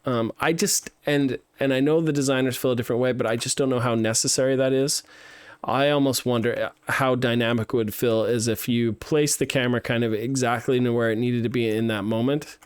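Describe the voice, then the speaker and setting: A man's voice: medium pitch, fairly even intonation, brisk, clear, resonant tone, no room sound. A man streaming a live playtest of student games, thinking aloud with lots of fillers and restarts as he gives feedback. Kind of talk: live game playtest commentary.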